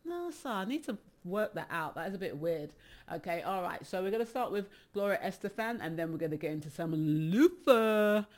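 A middle-aged DJ hosting a live stream, chatty and slightly out of breath, laughing often between shout-outs. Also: mid-range voice, lively intonation, a little fast. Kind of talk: casual livestream shout-outs.

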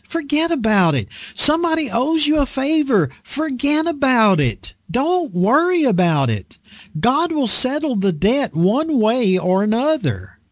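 A man's voice: very high voice, no room sound, clean studio sound, voice pushed up, heavily acted. A man voicing a stern male apostle who insistently urges his listeners to forgive and let things go.

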